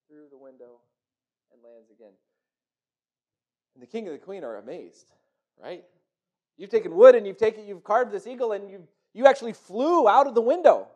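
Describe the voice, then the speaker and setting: A man tells a folk tale aloud in a high, animated voice. He often doubles back on words as he builds the story. His telling feels spontaneous rather than scripted. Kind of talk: oral storytelling.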